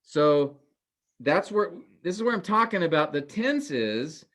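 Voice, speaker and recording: A man teaching a Greek grammar class online, asking questions and explaining with many pauses. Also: on the high side, big pitch swings, fairly bright tone.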